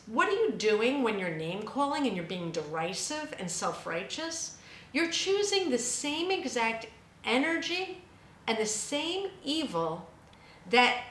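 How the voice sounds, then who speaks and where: A woman's voice: on the high side, fairly bright tone, echoey room, low-quality recording. A woman hosting a spiritual radio show, speaking in an emphatic, impassioned monologue that rises to fervent peaks. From United States.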